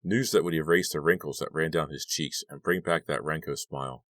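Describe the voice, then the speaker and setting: The novel is read by a male narrator whose voice is very deep and low, his scripted delivery even and measured. The audio is dry and close-miked, with no trace of room sound.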